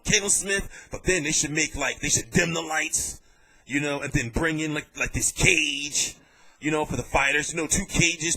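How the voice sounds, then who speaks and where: A man giving casual vlog commentary on boxing, telling it in an animated, jokey and profane way. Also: a little high.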